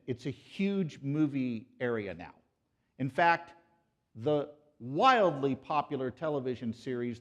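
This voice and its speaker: A man giving an animated lecture at a conference, joking with and quizzing a live audience. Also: medium pitch. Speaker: conference speaker. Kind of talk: pro-life apologetics lecture.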